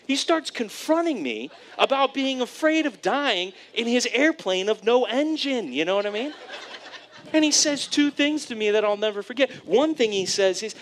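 A man preaching a sermon, telling a personal story in an animated way, often checking in with "right?". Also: very high voice, normal speed. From California, USA. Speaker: pastor.

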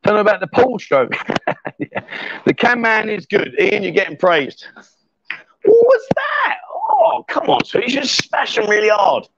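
A man with a high, bouncy voice hosts a casual live stream from a bar. He jokes, teases and reads viewer comments aloud. The audio is a little dull and lo-fi. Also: lively intonation, moderate pace, a bit bright, no echo. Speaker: livestream host. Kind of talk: live stream chat while playing pool. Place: lively bar.

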